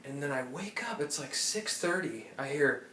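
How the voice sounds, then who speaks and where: A man's voice: on the high side, lively intonation, moderate pace, bright, forceful tone, distant mic. A man co-hosting a casual podcast, telling a rambling, profane anecdote full of restarts, recorded in an apartment room. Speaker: podcast co-host. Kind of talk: casual chat, storytelling. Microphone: phone or tablet recording. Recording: roomy audio from off-mic.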